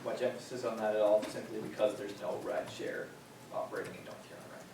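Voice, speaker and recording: A man on municipal staff explaining a bylaw at a council meeting, with frequent pauses and fillers. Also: fairly low pitch, level tone. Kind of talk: formal meeting presentation. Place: council chamber. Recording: echoey chamber, distant mic, faint noise.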